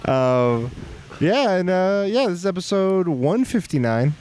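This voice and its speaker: A man's voice: high voice, very animated, takes it slowly, a little mellow, a little hiss or hum. Man, podcast host, casual chat, joking, laughs a lot.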